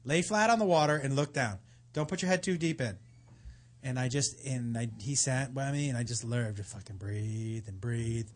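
A man telling a story in casual chat, animated and profane, acting out what others said. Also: mid-range voice, normal speed. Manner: animated, profane, acts out quotes.

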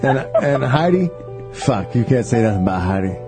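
A male radio host talks in a mid-pitched voice, rambling and joking with crude language. A music bed plays clearly behind him in the studio. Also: very animated, moderate pace. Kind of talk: casual radio banter.

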